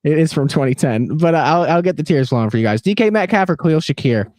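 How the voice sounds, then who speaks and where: A man's voice: fairly high pitch, expressive, a crowd in the background. A young man co-hosting a fantasy football livestream, joking and teasing while rattling off start and sit picks. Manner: joking, mocking, rapid-fire picks. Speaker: fantasy football stream co-host. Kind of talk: casual livestream banter.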